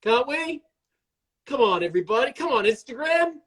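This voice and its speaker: A man's voice: very high voice, very animated, normal speed, a bit bright, breathy edge. A man chatting casually on a live video stream while baking, joking and rambling in a self-mocking way.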